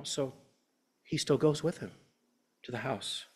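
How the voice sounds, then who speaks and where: A man's voice: mid-range voice, measured pace, pauses often, breathy edge. A man in his fifties preaching a sermon as a pastor, earnest and conversational, telling personal stories. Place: church.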